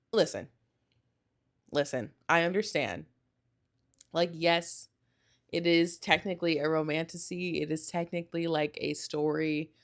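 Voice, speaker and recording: A young woman hosting a solo podcast, chatting casually and gushing, rambling with lots of "like" and quick self-corrections. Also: sits low. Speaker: podcast host.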